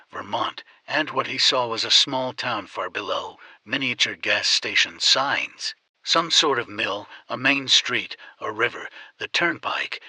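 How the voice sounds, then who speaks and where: A man narrates an audiobook with steady, measured pacing. His voice is low and husky, yet sharply bright on top. It sounds close and dry. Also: no echo, poor audio.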